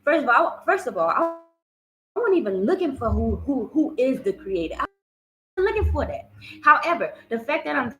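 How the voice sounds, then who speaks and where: A woman's voice: high-pitched, big pitch swings, normal speed, sharp tone, low-quality recording. A woman telling a personal story in a casual vlog, swearing freely and often repeating herself. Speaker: vlogger.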